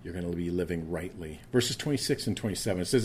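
A man's voice: sits low, animated, fast talker, hardly any pauses, husky. A man preaching a sermon, earnest and conversational, often stumbling over repeated words as he restarts a thought. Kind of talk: sermon with scripture reading.

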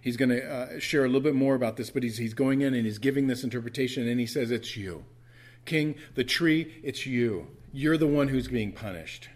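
Husky-voiced man preaching earnestly. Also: medium pitch, a little fast. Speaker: pastor. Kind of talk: sermon. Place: church.

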